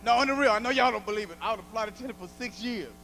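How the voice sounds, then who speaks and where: High-voiced shouting stand-up comedian. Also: male voice, very fast, very noisy. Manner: animated, shouting storyteller. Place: comedy club stage.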